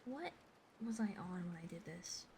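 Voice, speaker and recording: A woman's voice: fairly low pitch, very animated, moderate pace, gravelly, background noise. A woman ASMR streamer chatting playfully with her viewers, often whispering, giggling and swearing casually. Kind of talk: soft-spoken ASMR livestream chat. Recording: rain ambience behind voice.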